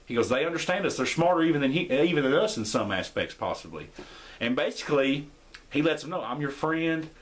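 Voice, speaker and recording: A young man hosting a podcast, casually recapping an episode and acting out the characters' lines with shifting pitch. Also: expressive, fairly quick. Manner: rambling, acts out quotes with shifting pitch. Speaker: podcast host.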